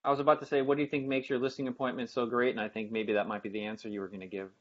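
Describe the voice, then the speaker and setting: A man hosting a live webinar speaks quickly and reads out viewer questions. His mid-pitched voice comes through a muffled, lo-fi line. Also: little pitch movement, a bit bright. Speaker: host. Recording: muffled lo-fi audio.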